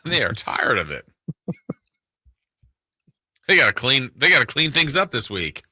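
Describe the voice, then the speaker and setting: A man's voice: medium pitch, big pitch swings, a little slow, bright, forceful tone, no echo, clean studio sound. A man co-hosting a sports radio show, telling stories in an easygoing way and laughing often. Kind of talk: casual radio banter.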